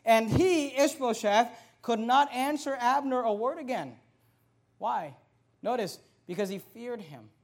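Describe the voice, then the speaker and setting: High-voiced man preaching a sermon. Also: a little slow. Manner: conversational storytelling that builds to forceful preaching. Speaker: pastor.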